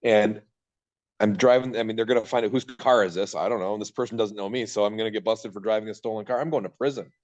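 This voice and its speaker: Man, 30s, from Michigan, podcast guest; rapid, rambling storyteller, lo-fi dull sound. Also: on the low side, fairly even intonation, darkish tone. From Michigan, USA. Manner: rambling, self-interrupting, acts out his own past thoughts. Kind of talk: candid storytelling in a podcast interview.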